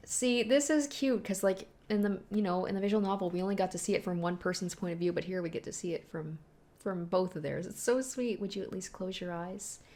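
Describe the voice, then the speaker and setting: A woman's voice: mid-range voice, a little fast, mellow. Gushing young woman reacting to a story. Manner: gushing, chatty, many "like" fillers. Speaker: reaction video host. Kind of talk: casual reaction commentary.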